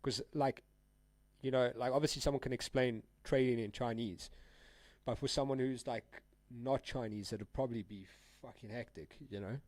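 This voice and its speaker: A man's voice: mid-range voice, fairly even intonation, moderate pace, darkish tone, no room sound. Casual slangy trading streamer, a man. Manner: casual, slangy, addresses viewers as guys and dude. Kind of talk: live stream commentary.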